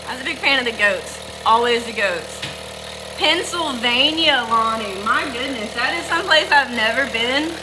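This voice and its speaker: A middle-aged woman with a Southern US accent chats folksily on a livestream while milking goats, greeting viewers by name. Her voice is a little high and expressive, at a moderate pace. The recording is noisy, with the hum of a milking machine running in the background.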